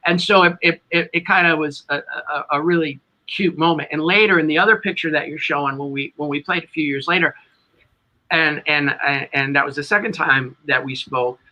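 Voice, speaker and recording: A man's voice: on the high side, fairly quick, sharp tone, muffled recording. A middle-aged man with a New England accent, a tribute band singer telling a long, rambling story as an interview guest.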